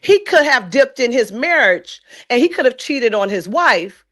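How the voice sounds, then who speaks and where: Woman on a live stream chat, slightly high voice, keeps hammering her point home, slow and deliberate. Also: big pitch swings, fairly bright tone. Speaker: guest commentator. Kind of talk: live stream reality TV discussion.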